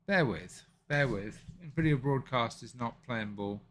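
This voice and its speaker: A man's voice: medium pitch, expressive, unhurried, fairly bright tone, slight background noise. A man hosting a live stream, chatting casually with viewers, muttering and swearing to himself and then apologizing. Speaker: livestream host.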